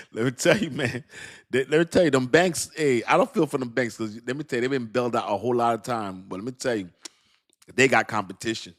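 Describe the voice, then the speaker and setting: A man hosting a casual livestream, talking in an animated, slangy way, laughing often and calling out to his chat. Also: medium pitch, brisk, long pauses. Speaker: crypto livestream host.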